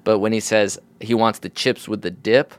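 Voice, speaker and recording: A man's voice: on the low side, steady tone, moderate pace, smooth, no room sound. A man co-hosting a comedy podcast, riffing and rambling through jokey speculation in casual chat. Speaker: podcast co-host.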